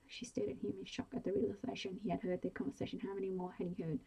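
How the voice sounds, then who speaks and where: Woman, whispered bedtime story, husky breathy voice, gravelly fry, mellow. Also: mid-range voice, little pitch movement, racing, low-quality recording. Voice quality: soft whispery delivery. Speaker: audiobook reader.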